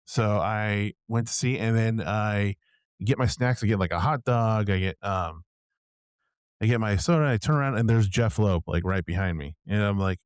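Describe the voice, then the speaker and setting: A man's voice: lowish voice, expressive, a little fast, smooth, dry recording, clean studio sound. A man co-hosting a podcast, telling a story in casual chat with lots of fillers. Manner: rambling storyteller with many fillers. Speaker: podcast co-host.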